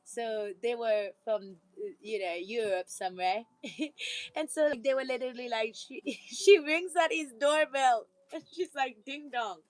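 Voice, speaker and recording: A woman's voice: fairly high pitch, unhurried, no room sound, low-quality recording. A woman vlogger giving a rambling, casual motivational talk, with frequent laughter and preachy asides.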